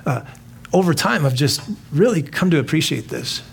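Husky-voiced man preaching a casual sermon. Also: on the high side, lively intonation, normal speed. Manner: casual, jokey preaching with laughs and quoted asides. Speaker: pastor.

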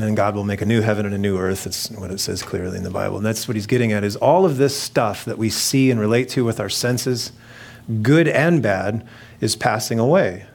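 A middle-aged man preaching a sermon in a conversational, jokey way, slipping into mimicked voices for asides. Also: lowish voice. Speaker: pastor.

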